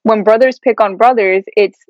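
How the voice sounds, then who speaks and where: A woman's voice: medium pitch, normal speed, no room sound, highs cut off. A woman co-hosting a podcast, telling family stories in casual chat and laughing often. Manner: laughs often, animated storytelling. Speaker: podcast co-host.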